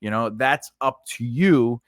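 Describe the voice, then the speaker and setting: Speaking slowly at a medium pitch, a man teaches an informal class on constructing grammar for made-up languages. This writing teacher wanders, corrects himself, and keeps asking "right?". The recording is dry and studio quality.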